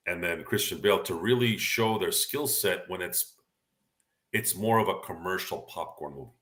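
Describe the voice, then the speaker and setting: Deep-voiced opinionated man hosting. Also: bright, forceful tone. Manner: opinionated, rambling with restarts. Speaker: podcast host. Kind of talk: casual sports and movie chat.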